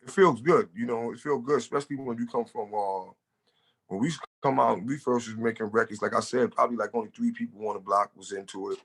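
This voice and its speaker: A man's voice: mid-range voice, fairly even intonation, fast talker. A man from the Bronx with a New York accent, talking loosely as an interview guest and leaning on "you know". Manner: loose, street-casual, leans on "you know". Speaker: guest, hip-hop artist. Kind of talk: casual interview talk.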